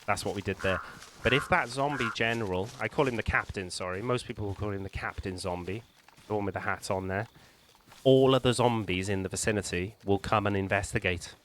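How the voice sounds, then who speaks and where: A man hosting a gaming channel, calmly talking the viewer through a survival game, explaining tactics with small restarts. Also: lowish voice, a little fast, slight background noise. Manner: calm, explanatory, hedging with restarts. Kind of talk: gameplay walkthrough commentary.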